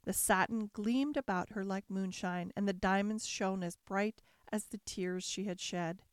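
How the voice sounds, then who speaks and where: A woman reading a classic fairy tale aloud in a measured, expressive storybook style. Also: mid-range voice, clear, resonant tone, no echo, studio quality.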